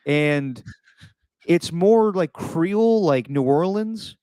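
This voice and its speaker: A man hosting a casual sports chat show, talking loosely, laughing easily and slipping into quick impressions of people he quotes. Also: on the high side, animated, darkish tone, no room sound. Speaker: podcast host.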